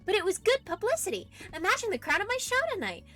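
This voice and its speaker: A woman reading the lines of a bubbly teenage girl magician sidekick from a game, in a chirpy, excitable voice. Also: very high voice, fast, faint music behind, pitched above the performer's own voice, heavily acted.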